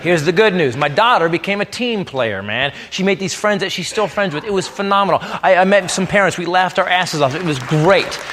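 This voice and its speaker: A man's voice: high-pitched, lively intonation, fairly quick, few pauses, big-room sound. A man performing a crude stand-up comedy set, ranting brashly to a live audience. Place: comedy club stage before a live audience. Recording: live club recording, loud crowd and noise.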